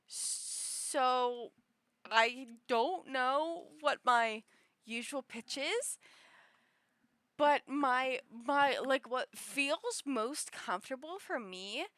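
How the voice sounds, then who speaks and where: A woman streamer chatting casually, rambling with many fillers and often shifting her pitch up and down. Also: expressive, very slow, fairly bright tone, no room sound, studio quality. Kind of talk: casual chat.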